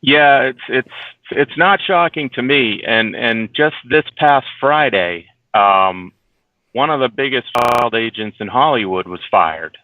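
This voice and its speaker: A man's voice: mid-range voice, lively intonation, a little slow, dry recording. A man being interviewed as a documentary producer, talking earnestly with frequent restarts and repeated words, heard over a phone. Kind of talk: casual remote interview. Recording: tinny phone line, dry.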